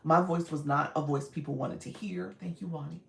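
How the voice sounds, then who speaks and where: A woman with a naturally raspy voice, a bit strained today, hosting a casual live stream and greeting viewers warmly. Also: deep voice, steady tone, normal speed. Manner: warm, encouraging, greets viewers often. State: voice a little strained. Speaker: live-stream host and coach. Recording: echoey room.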